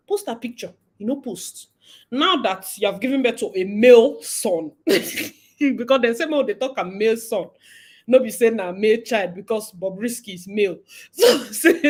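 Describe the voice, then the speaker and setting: A woman's voice: fairly high pitch, a little mellow, slightly rough. A Nigerian woman giving casual gossip commentary with Pidgin mixed in. She laughs often and acts out the quotes. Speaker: vlogger and commentator.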